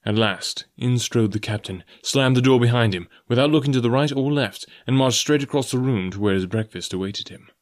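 A man reading an audiobook aloud in measured first-person narration. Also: medium pitch. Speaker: audiobook reader.

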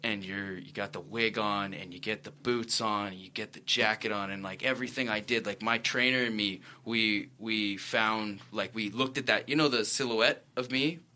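A man's voice: lowish voice, fairly even intonation, moderate pace, hardly any pauses, bright, forceful tone. A man, an actor guest, telling stories in a rambling, self-correcting way on a casual talk show. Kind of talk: casual interview chat.

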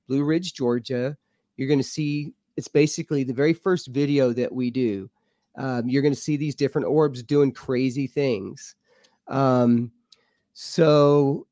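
A man tells his paranormal stories as a podcast guest, excitable and rambling, often doubling back on his words. His voice sits a little high for a man. The sound is dry and close, with no room around it. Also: no echo. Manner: excitable, rambling, repeats himself. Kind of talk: animated storytelling. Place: home studio.

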